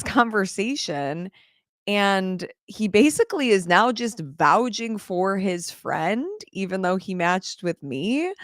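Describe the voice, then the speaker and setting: Woman, livestream host, casual chat, candid, laughs often, smooth resonant voice. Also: mid-range voice, no echo, studio quality.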